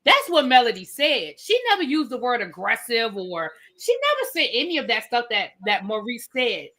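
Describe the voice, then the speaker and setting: A woman hosting a casual reality TV recap, opinionated and animated, acting out what people said. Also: fairly high pitch, normal speed. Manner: animated, opinionated, acts out quotes. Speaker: recap show host.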